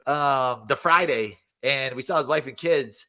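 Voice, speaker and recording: Bright-voiced guy on a podcast, excited, acts out what people said. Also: medium pitch, normal speed. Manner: excited storytelling, acts out quotes. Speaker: guest fighter. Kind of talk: casual podcast chat.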